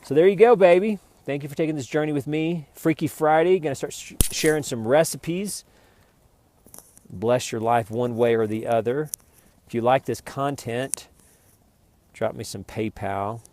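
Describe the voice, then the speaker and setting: A man's voice: mid-range voice, a little slow, a little mellow. A man hosting his own vlog, talking in a rambling, jokey, meandering way. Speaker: vlogger.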